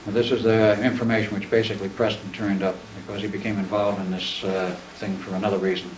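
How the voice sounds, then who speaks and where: A man's voice: fairly low pitch, little pitch movement, fast, distant mic. An older man giving a storytelling talk to a small audience, animatedly acting out the dialogue he quotes. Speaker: guest speaker. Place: living room. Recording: roomy room recorded from afar, faint hiss.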